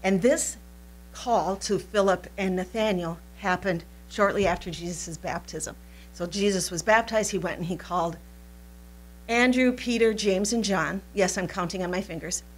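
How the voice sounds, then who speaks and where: An animated woman teaching a Bible lesson in a playful, chatty style, often breaking into laughter. Her voice sits at an ordinary middle pitch. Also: normal speed, a little hiss or hum. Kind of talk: recorded Bible study lesson.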